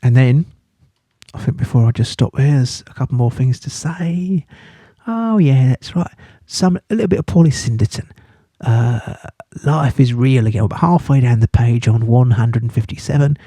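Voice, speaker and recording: A man's voice: medium pitch, moderate pace, warm tone, no echo. A man teaching a casual study-guide lesson, chatty and playful, with jokey asides. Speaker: English literature teacher.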